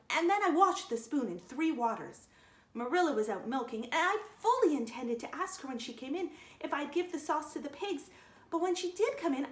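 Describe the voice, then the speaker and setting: Woman doing a dramatic, chattering young girl. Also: sits high. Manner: breathless, theatrical storytelling. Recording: roomy echo.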